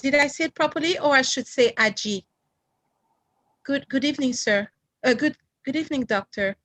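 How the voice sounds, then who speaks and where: French lady hosting a video call, high voice, dry close sound, careful and a little apologetic. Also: moderate pace, a bit bright, no echo. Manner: careful about pronouncing names, apologetic. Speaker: event host. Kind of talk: casual online meeting chat.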